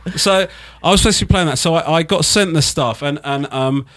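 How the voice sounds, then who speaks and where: A man's voice: a little high, a little fast, a bit bright, no echo, clean studio sound. A British man from England telling a rambling anecdote in casual podcast chat, swearing freely and checking in with "do you know what I mean".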